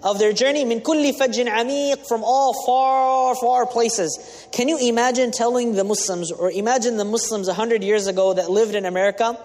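A man's voice: sits high, fairly quick, a little mellow. A man giving a sermon as an imam, explaining Arabic terms with English glosses and asking the audience questions. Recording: long reverb of a large hall.

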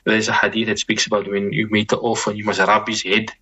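A man giving reflective advice as an Islamic scholar guest speaks in a lowish, flat voice that is bright, forceful and husky, though the audio is dull. He is measured, often restarting or repeating phrases and interjecting religious expressions.

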